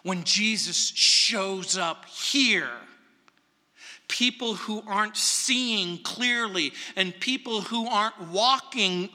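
Male pastor, high and piercing, slow deliberate preaching, dramatic loud-to-hushed swings, long church reverb. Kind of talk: verse-by-verse sermon. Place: large church sanctuary.

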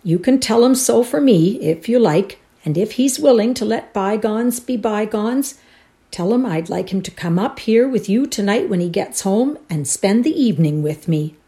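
A woman's voice: medium pitch, animated, moderate pace, pitched above the performer's own voice, lightly acted. A woman voicing a crabbed old uncle in a read-aloud story, speaking earnestly and with regret. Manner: earnest, warmly apologetic. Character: gruff, remorseful old bachelor uncle.

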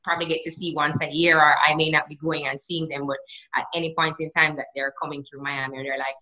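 Jamaican woman, low and bright voice, thinks out loud, lots of restarts. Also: steady tone, a little fast, rough recording. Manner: reflective, with many restarts. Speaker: interview guest. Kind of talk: conversational interview.

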